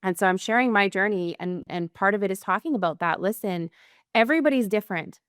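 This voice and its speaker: A woman's voice: mid-range voice, fast talker, fairly bright tone, clear, resonant tone, dry recording, clean studio sound. A woman guest on a podcast talking candidly and earnestly, in loose phrases full of fillers. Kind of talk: candid conversational interview.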